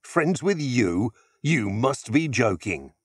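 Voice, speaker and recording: A man's voice: on the low side, sing-song, normal speed, no room sound, clean studio sound. A man reading an audiobook voices a cruel teenage schoolboy bully who taunts and sneers. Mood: sneering.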